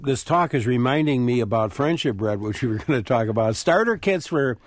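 A man hosting a public radio call-in show, relaxed and chatty, laughing easily. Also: medium pitch, brisk, dry recording. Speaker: radio talk show host. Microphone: studio microphone.

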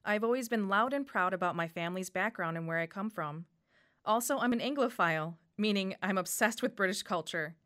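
A woman in her thirties from Wisconsin with a Wisconsin accent, reading a personal radio essay in a warm, lightly humorous way. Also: medium pitch, a little fast. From Wisconsin, USA. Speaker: storyteller.

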